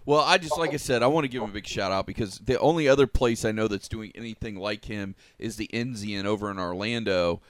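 A man hosting a casual chat show, talking in a halting way and repeating words as he gathers his thoughts. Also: fairly low pitch, dry recording. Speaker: show host.

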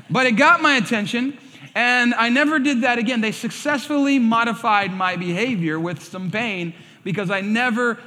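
A man's voice: high-pitched, sharp tone. A male pastor preaching a sermon, telling stories animatedly and acting out quoted voices. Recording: reverberant hall sound.

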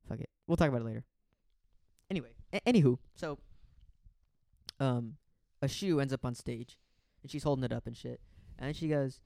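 A man's voice: medium pitch, moderate pace, gravelly, long pauses, dark tone, no echo, studio quality. A young man in casual chat, telling a long story with lots of swearing, restarts and acted-out quotes. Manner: swears freely, rambling with restarts, acts out quotes.

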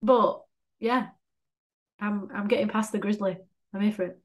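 A young woman, co-hosting a casual chat, animated, swearing and laughing often. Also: medium pitch, normal speed. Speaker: podcast co-host.

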